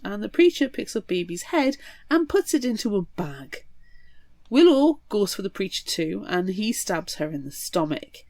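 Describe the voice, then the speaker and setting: A woman co-hosting a book podcast, retelling a horror novel in a lively, swearing, dramatic way. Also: on the low side, creaky, no room sound. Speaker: podcast co-host. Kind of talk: casual book recap chat.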